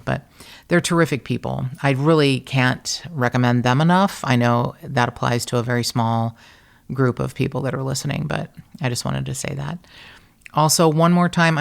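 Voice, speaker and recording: Gravelly-voiced woman telling a story. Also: extremely low pitch, normal speed. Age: middle-aged. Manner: animated, profane, self-mocking storytelling. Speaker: podcast host. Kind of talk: casual storytelling monologue.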